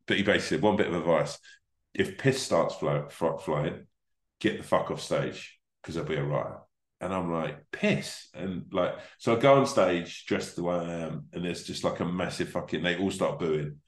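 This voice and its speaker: A man's voice: low voice, normal speed, echoey room. A man, a comedian guest, telling rambling, sweary stories in casual podcast chat. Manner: sweary, rambling anecdotes with restarts.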